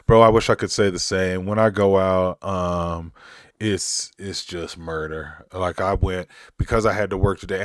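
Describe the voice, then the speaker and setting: A man's voice: sits low, steady tone, unhurried, no room sound, studio quality. A man chatting casually on a livestream, answering his chat in a rambling way, laughing and cracking self-mocking dad jokes. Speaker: streamer reading live chat.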